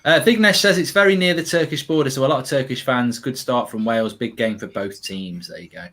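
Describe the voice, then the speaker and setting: A man hosting a live football watchalong, with a mid-pitched voice. He talks casually and rambles, breaking off to react to the match and read out viewer comments. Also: fairly quick, fairly bright tone. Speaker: watchalong host.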